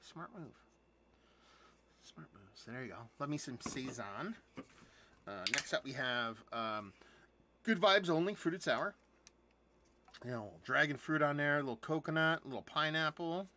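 A man's voice: on the high side, lively intonation, moderate pace, noisy background. A man hosting a casual live beer unboxing, chatty and rambling, with lots of fillers and restarts and some casual swearing. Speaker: beer reviewer and channel host.

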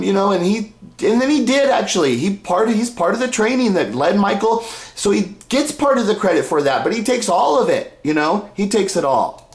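A man's voice: high-pitched, big pitch swings, moderate pace, roomy sound. A man casually commenting on video clips, rambling with sighs, laughs and restarts.

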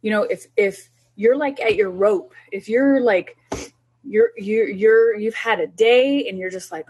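A woman's voice: medium pitch, unhurried, a little mellow, husky. A middle-aged woman, a child development specialist, giving down-to-earth parenting advice in an informal talk, earnest and often repeating herself.

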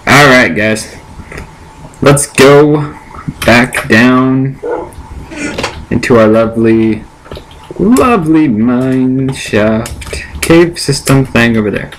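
A man talks his way through a game session in loose, rambling asides to his viewers, his voice sitting at an ordinary middle pitch. He sits at home at his computer, and the built-in laptop mic leaves a steady hiss of noise under his voice. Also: takes it slowly, pauses often. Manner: chatty, rambling self-talk to viewers. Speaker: let's play gamer. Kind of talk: casual gameplay commentary. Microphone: built-in laptop microphone. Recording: noisy lo-fi laptop mic recording.

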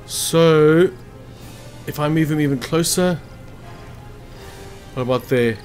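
A man's voice: fairly high pitch, takes it slowly, a little mellow, soft background music. A man casually commentating a strategy game walkthrough, chatty and thinking aloud as he checks hit chances. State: hiccuping after lunch. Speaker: gameplay commentator.

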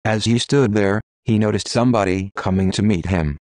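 A man narrates a Bible storybook with a low, steady voice. The recording is dry and close, with no room sound at all. He keeps an even, measured reading pace throughout. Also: dry recording. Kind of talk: storybook narration with character quotes.

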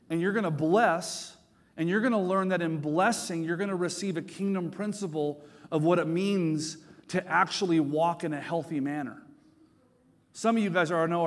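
A middle-aged man preaches a sermon from the pulpit, his fairly high voice rising and falling as he tells stories. He leans on emphasis and repeats phrases as he builds each point. The sound rings with the long reverb of a large church sanctuary. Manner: storytelling with lively emphasis and repetition. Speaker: pastor.

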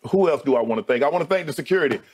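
A middle-aged man, a TV sports debate co-host, giving an emotional on-air farewell and thanking his colleagues one by one, his voice sinking low as he speaks. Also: animated, very fast, darkish tone, breathy edge.

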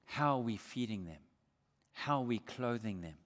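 An Australian pastor preaches earnestly and emphatically in a church sanctuary, posing rhetorical questions to his congregation. His medium-pitched voice is slightly bright, with lively intonation and a moderate pace. Long hall reverb fills the recording.

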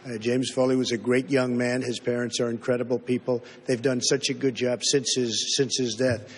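A man's voice: medium pitch, level tone, normal speed, in a large hall. A man answering at a debate, emphatic and repetitive, pressing on over interruptions. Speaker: presidential debate candidate. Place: large debate hall.

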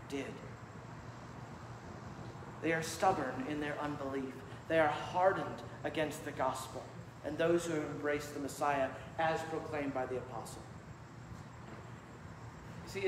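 A man preaching a sermon from the pulpit with emphatic, measured delivery. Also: high-pitched. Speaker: pastor. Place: church sanctuary. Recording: echoey church hall with faint room noise.

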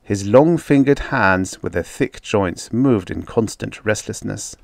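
A man reading a science fiction story aloud as an audiobook narrator, in a steady, descriptive manner. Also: on the low side, measured pace, vocal fry, hardly any pauses, no echo, clean studio sound. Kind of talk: scripted narration.

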